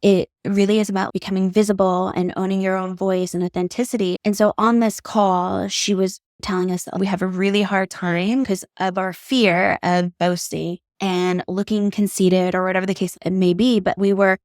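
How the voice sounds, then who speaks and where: A woman's voice: mid-range voice, little pitch movement, normal speed, hardly any pauses, darkish tone, dry recording. Candid woman podcaster, dry close sound. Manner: candid, heartfelt storytelling with casual swearing. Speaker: podcast host, beauty artist. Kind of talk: solo podcast monologue.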